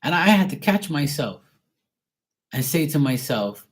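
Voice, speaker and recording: A man's voice: fairly high pitch, very animated, measured pace, pauses often. A man in a rambling personal rant, swearing often and repeating himself heatedly. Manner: profane, heated and repetitive. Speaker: vlogger.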